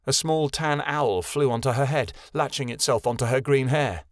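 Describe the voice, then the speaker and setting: A man's voice: medium pitch, moderate pace, no room sound, studio quality. Man narrating a fantasy audiobook. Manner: steady storytelling, voices every character.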